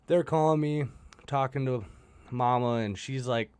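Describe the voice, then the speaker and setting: A man's voice: mid-range voice, a little slow, darkish tone, smooth, no room sound. A young man telling his recovery story bluntly, swearing often and laughing at himself. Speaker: guest sharing recovery story. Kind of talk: candid storytelling.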